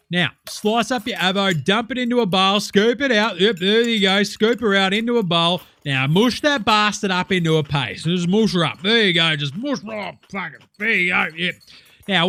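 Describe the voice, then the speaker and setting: A man's voice: sits high, bright, forceful tone, a little hiss or hum. A man putting on a brash, sweary, boisterous Australian cooking-show host in a comedy sketch, with hammy showman patter.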